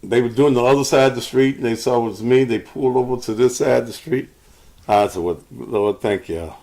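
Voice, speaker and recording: A man's voice: medium pitch, fairly even intonation, fast talker, a little mellow. A middle-aged man hosting a loose live talk, cursing and rambling while out of breath. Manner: loose, profane, rambling storytelling. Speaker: show host. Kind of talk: casual live talk to viewers.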